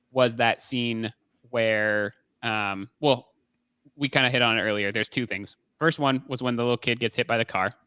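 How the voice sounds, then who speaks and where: A man's voice: mid-range voice, pushed and bright, smooth, no room sound. A man co-hosting a movie podcast, talking casually with lots of fillers and restarts. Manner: rambling, many fillers and restarts. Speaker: podcast co-host. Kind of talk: casual movie review chat.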